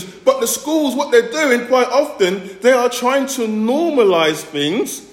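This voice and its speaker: A man from the Caribbean preaching a sermon as pastor, earnest, often restarting phrases and pausing to qualify his points. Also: very high-pitched, lively intonation, reverberant.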